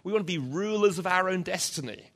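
A man's voice: high-pitched, lively intonation, quick pace, fairly bright tone. A man preaching an emphatic sermon to a church congregation, driving points home with rhetorical repetition. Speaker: pastor. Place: church, also live-streamed.

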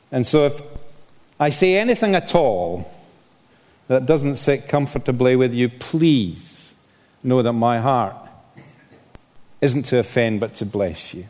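An older man from Scotland with a softened Scottish accent, preaching a sermon as a visiting speaker, with frequent "uh" fillers and a self-deprecating manner. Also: mid-range voice. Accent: Scottish, softened by years in England. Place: church. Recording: long reverb of a church hall.

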